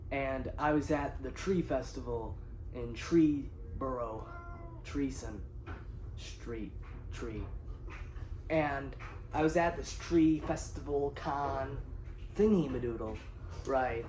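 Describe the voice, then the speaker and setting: Deadpan male comedy host, rambling monologue with loud outbursts, echoey room. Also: mid-range voice, slight background noise.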